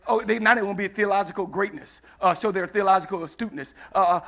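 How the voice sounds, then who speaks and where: A male preacher with a very high, bright voice works through his sermon in call-and-response fashion. He acts out the Bible scenes in different voices and rises into shouted passages. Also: fast talker, few pauses. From United States.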